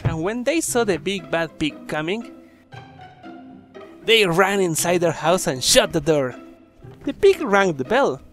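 A man's voice: sits high, big pitch swings, unhurried, pauses often, fairly bright tone, faint music behind. A man reading a children's horror story aloud, breaking off for chatty, joking asides to the listeners.

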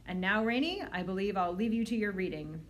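A woman's voice: medium pitch, expressive, fairly quick, a little hiss or hum, close to an everyday voice. A woman voicing a fussy, pompous, thin male orphanage director, reading him aloud from a storybook.

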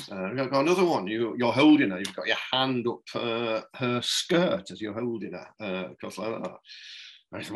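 A man's voice: fairly low pitch, moderate pace, husky, low-quality recording. A middle-aged man, a journalist, telling anecdotes in an interview in a rambling, chuckling way. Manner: rambling, many restarts and "you know"s, chuckles. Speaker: political journalist, podcast guest.

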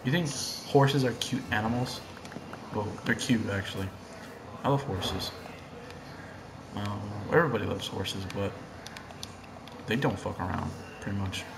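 A young man giving casual gameplay commentary, excitable and profane, swinging between hushed muttering and loud yelling. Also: lowish voice, unhurried, gravelly, pauses often, echoey room, background noise. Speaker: gamer.

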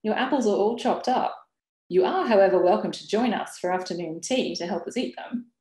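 A woman reading from her own novel, voicing a courteous and bewildered young single mother who tries to smooth things over with a neighbour. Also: mid-range voice, a little fast, a little mellow, natural voice. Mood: polite. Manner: courteous and conciliatory. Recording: roomy webinar audio.

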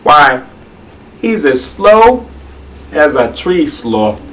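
A man's voice: fairly high pitch, big pitch swings, very slow, a bit bright, slight background noise, voice pushed up, heavily acted. A man voicing a rude, scoffing male hare from a storybook, talking in blunt folksy slang and sneering insults, heard from a distance.

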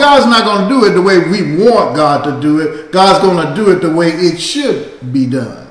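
A man preaching a sermon as pastor, in a slow cadence that climbs into shouts. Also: high-pitched, expressive, reverberant. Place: church sanctuary.

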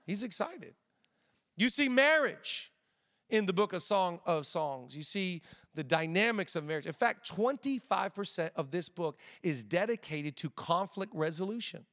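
A man with a high voice delivers a sermon in a relaxed, conversational way, often repeating himself and slipping in jokes. A long reverb from the church auditorium trails behind his words. He sounds middle-aged. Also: unhurried. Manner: conversational preaching with repetitions and jokes. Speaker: pastor.

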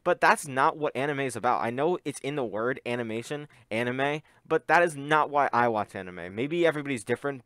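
A young man reacting to an anime scene, talking in an excited, rambling way with a slightly muffled voice. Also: mid-range voice, smooth, dry recording, clean studio sound. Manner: excitable, rambling with many "like" fillers. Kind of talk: casual reaction commentary.

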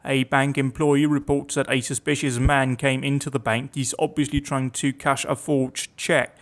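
A man's voice: mid-range voice, little pitch movement, moderate pace. A young man giving casual, chatty commentary on a game, reading its text aloud with wry asides. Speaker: let's play gamer.

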